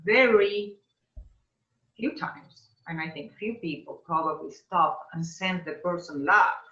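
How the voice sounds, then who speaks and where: A woman speaking as a guest on a video call, reflective and musing with hesitant pauses. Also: lowish voice, bright, forceful tone, reverberant, highs cut off. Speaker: interview guest.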